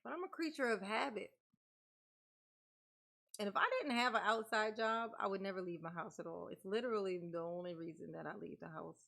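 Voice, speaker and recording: A woman's voice: medium pitch, a little fast, creaky, a bit bright. A woman vlogger in casual chat, playfully mocking and laughing, calling herself Mama. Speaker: commentary channel host.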